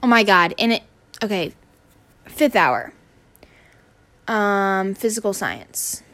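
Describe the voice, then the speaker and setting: A woman's voice: mid-range voice, expressive, slow pace, fairly bright tone. A teenage girl ranting casually on her podcast, exasperated and swearing, rambling with restarts. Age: teens. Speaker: student podcaster.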